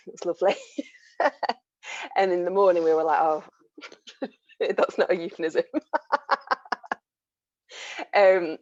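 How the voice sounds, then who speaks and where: A woman's voice: deep voice, darkish tone, dry recording, dull audio. A woman on an online panel, telling a travel story in a chatty way with frequent laughs, heard through a video call.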